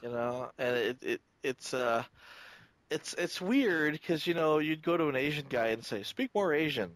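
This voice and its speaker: A man co-hosting a podcast in casual chat, animated and fond of acting out quoted lines. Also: on the high side, a little slow, dry recording. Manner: animated, hops into quoted voices. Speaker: podcast co-host.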